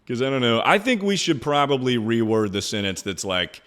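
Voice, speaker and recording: A man's voice: mid-range voice, big pitch swings, moderate pace, a bit bright. A man streaming live, chatting loosely and jokingly, swearing often and calling everyone "dude". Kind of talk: casual livestream chat.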